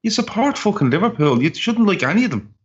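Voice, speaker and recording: A man's voice: sits high, sing-song, fast talker. A man, co-hosting a football podcast with blunt, sweary rants. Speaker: podcast co-host. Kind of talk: casual football banter. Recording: dull, lo-fi call audio.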